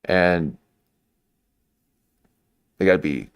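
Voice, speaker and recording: A man's voice: deep voice, extremely slow, clear, resonant tone, no echo, clean studio sound. A man giving rambling, mocking live-stream commentary into a desk microphone. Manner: mocking, meandering, full of restarts.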